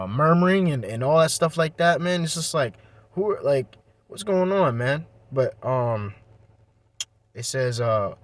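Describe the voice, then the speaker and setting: A man's voice: mid-range voice, dry recording. Casting: easygoing male bible teacher, chatty and informal, close dry sound. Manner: loose, conversational, peppered with "man" and "you know". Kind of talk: casual scripture teaching.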